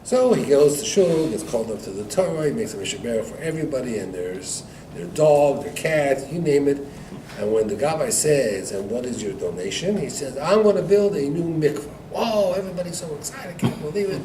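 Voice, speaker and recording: A man, a rabbi, teaching a Torah class to students, telling a story with lively acted-out dialogue and frequent laughter. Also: mid-range voice, brisk. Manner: animated joke-telling, acting out dialogue, laughs often. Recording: echoey room recorded from far off, noisy.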